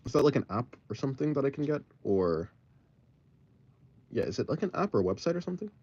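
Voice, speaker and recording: A man's voice: medium pitch, very animated, fast talker, darkish tone, breathy edge. A man livestreaming while he draws, chatting with viewers, rambling and thinking aloud into a phone mic. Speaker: art livestreamer. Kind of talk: casual chat with a live stream audience. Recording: slightly dull audio, faint music.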